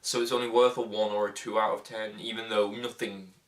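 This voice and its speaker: A man's voice: lowish voice, little pitch movement, brisk. A young man casually reviewing a film, rambling and sarcastic, with lots of fillers and restarts.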